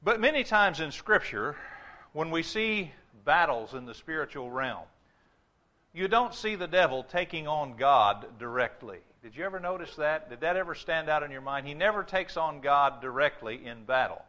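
Male pastor, higher bright voice, emphatic sermon delivery that dips low for warnings. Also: lively intonation, highs cut off. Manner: emphatic preaching, drops low and slow for warnings.

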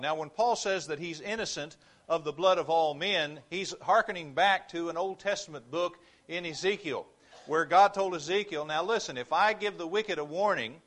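A male preacher delivers an earnest sermon from a church pulpit. His voice sits a little on the high side, and he stresses his points firmly, building on repeated phrases. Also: moderate pace, fairly bright tone.

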